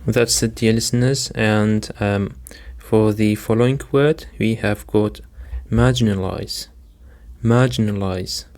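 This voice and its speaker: In a patient, slow, deliberate vocabulary lesson, a man teaches English, repeating each word and its stress and often addressing his "dear listeners." His voice is fairly low, a little mellow and clean, with fairly even intonation, a slightly slow pace, and few pauses.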